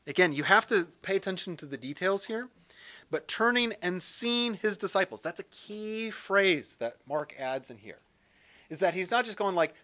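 Man, bible teacher, sermon style, animated, slightly high voice, bright tone. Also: moderate pace. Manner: animated, acts out quotes, jokey asides.

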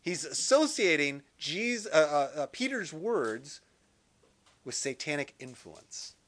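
A man teaching a Bible session in sermon style, animated and lively, acting out quotes with jokey asides. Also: on the high side, slow pace.

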